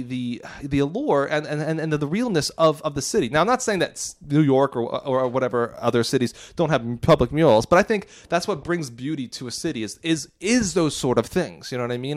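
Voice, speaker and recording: A man co-hosting a podcast, talking casually and arguing his point, rambling with lots of restarts and repeated words. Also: fairly high pitch. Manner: animated, argumentative. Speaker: podcast co-host. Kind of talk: casual chat.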